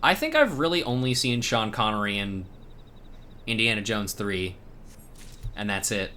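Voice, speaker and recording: A male streamer chatting casually while he plays, joking and wandering off topic. His voice is bright and his pitch jumps around a lot. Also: very animated, measured pace, a little hiss or hum. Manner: joking and rambling. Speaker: streamer reading a game aloud. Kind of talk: casual chat.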